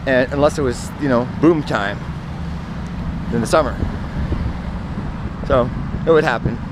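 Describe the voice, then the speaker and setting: A man's voice: medium pitch, a little slow. Rambling man over traffic noise. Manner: meandering, self-correcting, trails off into asides. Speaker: vlogger telling personal stories. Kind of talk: casual rambling monologue.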